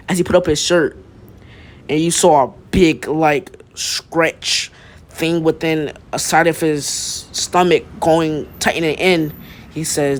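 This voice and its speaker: Young guy rambling through a fan story, lots of restarts, kinda high voice. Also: steady tone, takes it slowly, slight background noise. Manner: rambling, full of restarts and slang. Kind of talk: casual fan-fiction retelling.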